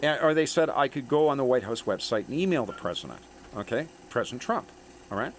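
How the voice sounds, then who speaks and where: A man's voice: medium pitch, lively intonation, fast, a little hiss or hum. A man in a rambling monologue to viewers, emphatic and checking in with "okay?" and "eh?". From Canada.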